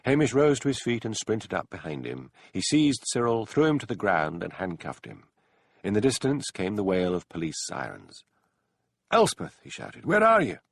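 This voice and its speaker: A man narrates a mystery audiobook with a low, gravelly voice that rises and falls widely. The sound is close and dry, like a studio booth. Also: moderate pace, dry recording. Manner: expressive storytelling with character voices.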